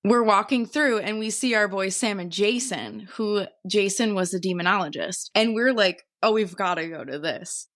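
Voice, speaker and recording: A woman co-hosting a casual podcast, her voice sitting at an ordinary middle pitch. She tells stories with lively energy, swears freely and laughs easily. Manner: animated storyteller, swears freely, laughs often. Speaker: podcast co-host. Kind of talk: casual chat recap.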